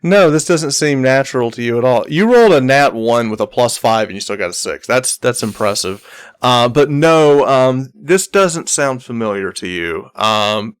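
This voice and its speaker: A man's voice: medium pitch, animated, moderate pace, clear, resonant tone. Hesitant male game master narrating. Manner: hesitant, many fillers and repeated words.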